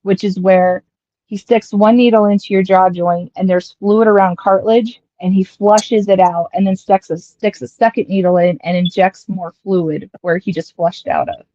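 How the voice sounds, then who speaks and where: A young woman from Colorado casually telling a long personal story, rambling and quoting people in lively asides. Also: mid-range voice, moderate pace, dry recording, highs cut off. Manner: chatty, rambling, quotes others in lively asides.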